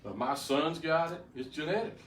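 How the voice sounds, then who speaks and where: A man's voice: fairly high pitch, moderate pace. An older man giving a folksy personal testimony to a group, plainspoken and often stammering into restarts. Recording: roomy, distant mic, faint background noise.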